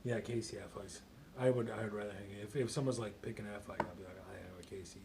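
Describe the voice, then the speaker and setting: A man talking as a guest in a casual chat, rambling and profane, trailing off quietly. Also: lowish voice, fairly even intonation, fast talker, vocal fry, slight background noise.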